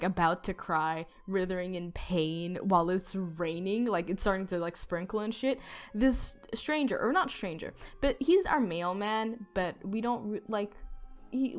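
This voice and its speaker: A woman's voice: medium pitch, fairly bright tone. A woman telling a story in a casual storytime vlog, rambling with lots of fillers and swearing. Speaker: storytime youtuber.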